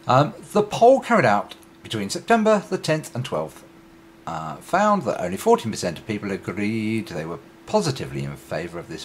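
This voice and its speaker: Wry, lively British man vlogging. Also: fairly low pitch, slight background noise. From Britain. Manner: wry, sarcastic, conversational; reads figures aloud with asides. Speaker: YouTube vlogger. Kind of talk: casual spoken commentary.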